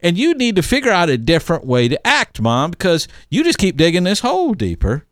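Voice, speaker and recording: Podcast co-host, man, emphatic and animated; smooth, resonant voice, dry close mic. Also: high-pitched, fairly quick, no echo. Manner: emphatic, lively, many restarts and fillers. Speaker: podcast co-host giving advice. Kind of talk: casual advice podcast chat.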